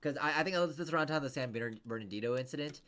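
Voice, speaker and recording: Fast-talking man coaching. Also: on the high side, a bit bright, a little hiss or hum. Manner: rambling, fast, many restarts and fillers. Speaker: interview coach. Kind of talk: casual coaching chat.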